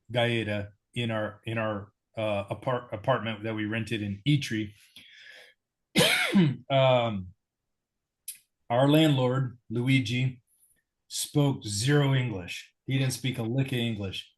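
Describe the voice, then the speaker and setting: American male guest, mid-range voice, relaxed self-mocking storyteller. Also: mid-range voice, slow pace. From United States. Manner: easygoing, self-deprecating storyteller. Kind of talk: storytelling in a sit-down interview.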